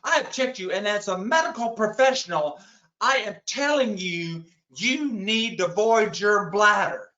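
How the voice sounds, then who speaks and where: A man's voice: high voice, a little slow, sharp tone, echoey room, lo-fi sound. A man voicing a stern, no-nonsense female hospital nurse inside a story, curt and firmly insistent.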